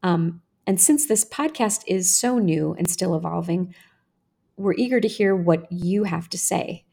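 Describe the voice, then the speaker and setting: Husky, gravelly woman reading an essay. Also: fairly low pitch, warm tone. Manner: measured, earnest storytelling. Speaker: podcast host. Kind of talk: reading a personal essay aloud.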